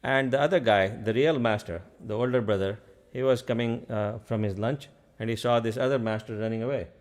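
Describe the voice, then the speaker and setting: A man's voice: medium pitch, a little fast. A man telling a parable in a casual way during a spiritual talk. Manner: casual, with frequent fillers. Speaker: spiritual speaker.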